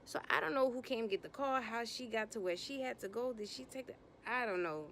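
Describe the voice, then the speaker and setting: A woman talks briskly through a reality TV episode recap, blunt and sassy with lots of slang. Animated, she voices people's lines in sudden higher-pitched bursts, over a slight hiss or hum.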